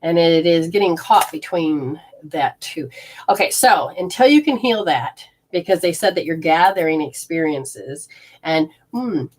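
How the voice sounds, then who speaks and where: A woman's voice: sits low, lively intonation, measured pace. Rambling woman leading a healing session. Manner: rambling, self-interrupting, explains hands-on techniques. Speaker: energy healer.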